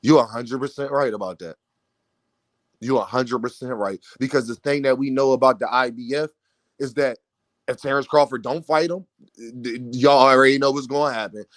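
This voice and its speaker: A man's voice: medium pitch, normal speed, no echo. A man giving opinionated boxing commentary, talking emphatically and straight to his viewers.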